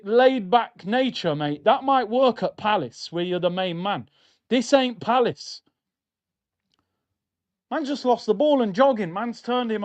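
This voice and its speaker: A man's voice: high voice, expressive, measured pace, lo-fi sound. A young man hosting a live football watchalong, talking in slangy, exasperated banter about the match.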